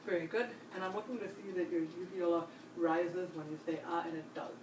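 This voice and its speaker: A woman with a fairly low voice calmly guides a patient through a clinical exam, one step at a time. She is recorded from a distance in a roomy space with faint hiss behind her. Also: fairly quick. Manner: calm, step-by-step instructions with frequent reassurance. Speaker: nurse examiner. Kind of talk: clinical demonstration.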